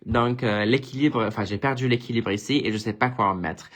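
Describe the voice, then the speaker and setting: A man's voice: mid-range voice, fast talker. A man presenting his craft projects on a casual live stream, chatty and enthusiastic, often restarting sentences and thanking viewers. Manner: reads viewer comments and thanks them warmly.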